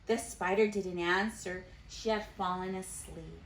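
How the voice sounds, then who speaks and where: A woman's voice: lowish voice, roomy sound. A woman teacher reading a picture book aloud to her class, stopping to quiz the children. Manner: animated storyteller who pauses to quiz children.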